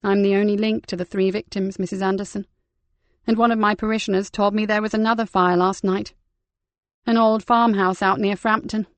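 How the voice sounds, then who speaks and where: A man's voice: high-pitched, flat delivery, a little fast, no echo, lightly acted. Woman reading as a troubled male vicar. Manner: hesitant, quietly worried. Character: troubled middle-aged male parish vicar.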